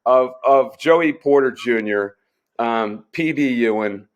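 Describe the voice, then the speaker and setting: A man's voice: mid-range voice, slow pace, muffled recording. A man co-hosting a sports podcast in casual chat, telling stories in a rambling way with frequent restarts. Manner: rambling storyteller with many restarts.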